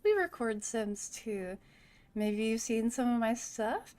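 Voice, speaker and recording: A sleazy, rotund studio boss in a cyberpunk game, all high nasal wheeling and dealing in a rough mock New York accent. A woman puts him on while reading the game text. The voice stays fairly high. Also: animated, takes it slowly, darkish tone. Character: rotund male film-studio boss, oily and pushy. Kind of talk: reading game dialogue aloud.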